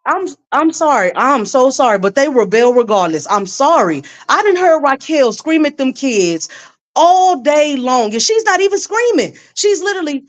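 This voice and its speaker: Animated woman guest in a video-call chat. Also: sits high, normal speed. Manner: animated storyteller who acts out kids' voices.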